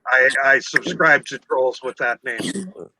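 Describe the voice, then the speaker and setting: A man's voice: medium pitch, measured pace, crowd noise, poor audio. A man chatting as a guest on a livestream, making crude jokes. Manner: crude, joking. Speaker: guest on a stream. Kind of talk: casual chat.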